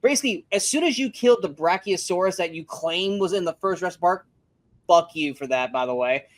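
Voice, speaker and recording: A man's voice: sits high, animated, a little fast, no room sound. A man co-hosting a casual movie review podcast, ranting emphatically and swearing freely. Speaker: podcast co-host.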